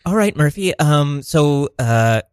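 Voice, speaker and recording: A man's voice: on the high side, expressive, slow, clean tone, no echo, studio quality, voice pushed up. A man playing a bossy parade official.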